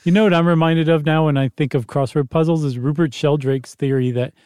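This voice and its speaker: A man's voice: fairly high pitch, fairly even intonation, a little fast, a little mellow, clean tone, no echo, clean studio sound. A man co-hosting a podcast, chatting casually in a playful, joking way. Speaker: podcast co-host. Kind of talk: casual chat.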